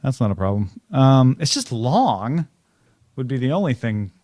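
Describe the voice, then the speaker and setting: A man's voice: medium pitch, moderate pace, dry recording. Dry-voiced man bantering casually. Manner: relaxed, wry banter with laughs. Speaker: podcast host. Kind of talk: casual chat.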